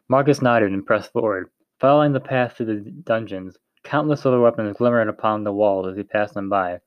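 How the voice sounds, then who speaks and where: A man's voice: lowish voice, fairly quick, hardly any pauses, dry recording, highs cut off. A man reading a story aloud in a plain way, with frequent slips and restarts. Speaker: narrator.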